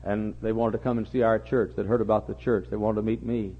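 An older man preaching a sermon, repeating his phrases and building to impassioned, near-shouting peaks. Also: lowish voice, flat delivery, fast, slightly rough. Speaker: pastor. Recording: muffled lo-fi recording.

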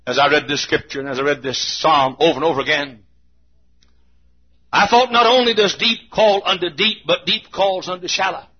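A man's voice: a little high, normal speed, breathy edge. A man preaching a sermon in a church with an emphatic, repetitive cadence. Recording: muffled lo-fi recording.

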